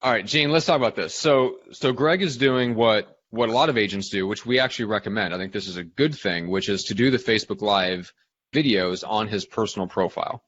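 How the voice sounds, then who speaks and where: A man's voice: lowish voice, brisk, fairly bright tone, muffled recording, a little hiss or hum. A man co-hosting a casual podcast who teases dryly and steers the talk. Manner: dry teasing, steers the talk. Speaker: podcast co-host. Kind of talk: casual chat.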